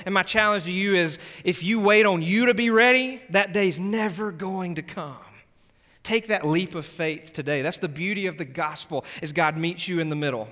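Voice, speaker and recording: A male pastor giving an altar call in a church, earnest and pleading, shifting between loud urging and hushed prayer. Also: high voice, normal speed. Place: church sanctuary. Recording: long church hall reverb with soft music.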